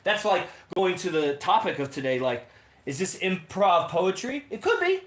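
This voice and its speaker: Rambling, profane, filler-heavy and loose, a man delivers a casual podcast monologue with a fairly high voice. His talk carries a noticeable roomy echo. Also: lively intonation, normal speed, fairly bright tone. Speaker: podcast co-host. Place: home in Las Vegas.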